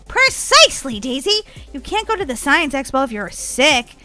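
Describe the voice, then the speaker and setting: A woman hosting a family role-play game video, bratty, teasing and quick to shout. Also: high-pitched, sing-song, faint music behind. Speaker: gaming channel host playing Molly.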